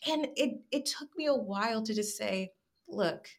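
An American woman in her twenties or thirties chatting candidly in an interview, animated and acting out her own inner voice. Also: a little high, normal speed. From United States. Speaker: guest. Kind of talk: casual interview chat.

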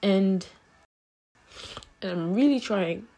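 A young woman vlogging late at night, talking softly and haltingly to her camera, tearful after crying, with many fillers and restarts. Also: medium pitch.

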